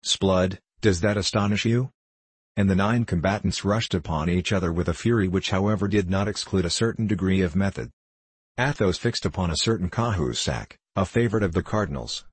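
A man narrating a classic novel in a steady, formal audiobook reading. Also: low voice, a little fast, slightly rough, dry recording.

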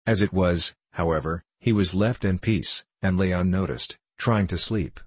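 A man narrating an audiobook in a steady, measured reading. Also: deep voice, slightly rough, no echo.

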